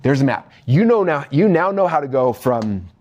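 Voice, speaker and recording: A middle-aged man teaching as a business coach, animated, often checking in with the audience. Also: medium pitch, moderate pace, muffled recording, a little hiss or hum. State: out of breath. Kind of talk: energetic teaching talk.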